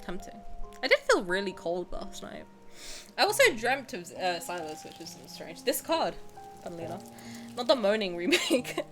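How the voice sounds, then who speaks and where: A woman's voice: mid-range voice, sing-song, moderate pace, soft background music. Chatty, swearing young woman streamer. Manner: chatty, candid and joking, swears freely. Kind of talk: casual live-stream chat while gaming.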